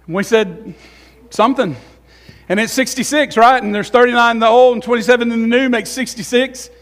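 A middle-aged male pastor preaching a sermon in a church, emotional, with swings between loud, fervent passages and quiet, musing asides. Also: extremely high pitch, steady tone, brisk. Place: church sanctuary.

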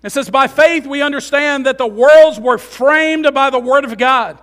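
A man with a very high voice preaching a sermon. He moves between loud, emphatic rises and quiet, low asides, and he restarts and repeats phrases as he teaches. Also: measured pace. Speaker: pastor.

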